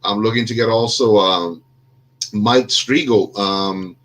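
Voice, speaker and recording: A man's voice: fairly low pitch, slow, a bit bright, a little hiss or hum. Rambling, jokey man on a video call. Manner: jokey, self-deprecating, rambling with many fillers. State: under the weather. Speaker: podcast host. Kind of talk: casual video chat.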